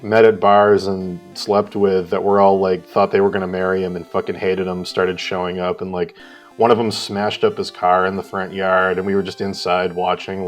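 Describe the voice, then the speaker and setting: A man co-hosting a live art stream, telling a rambling story in casual chat, swearing and acting out what people said. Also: deep voice. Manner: rambling, swears, acts out quotes loudly.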